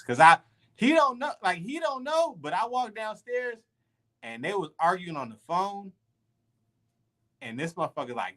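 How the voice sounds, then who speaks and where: A man's voice: mid-range voice, moderate pace. A man telling a story in a loose, slangy way during a casual podcast chat, with many restarts. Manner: animated, slangy, full of restarts. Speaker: podcast co-host.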